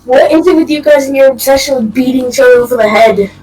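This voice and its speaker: A woman's voice: sits high, fast talker, recorded from a distance, crowd noise, rough recording. A woman playing in a role-play game, making dry wisecracks. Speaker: player.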